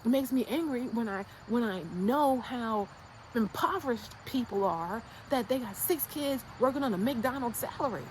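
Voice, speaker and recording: A woman's voice: fairly high pitch, expressive, normal speed, darkish tone, a little hiss or hum, poor audio. An American woman giving a casual, emphatic motivational rant to her channel, blunt and slangy, hammering her points through repetition. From United States. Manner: fired-up and insistent. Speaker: YouTube creator.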